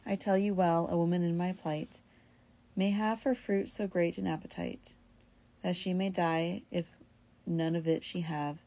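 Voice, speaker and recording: Woman reading as a sly young wife, creaky and low. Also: fairly even intonation, dark tone. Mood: pleading. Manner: pleading then brisk and self-justifying.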